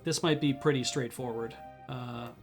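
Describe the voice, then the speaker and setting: A man's voice: medium pitch, steady tone, moderate pace, music in the background. A man streaming a game, chatting casually and reading game text aloud as he plays. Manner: reads game text aloud, thinking out loud.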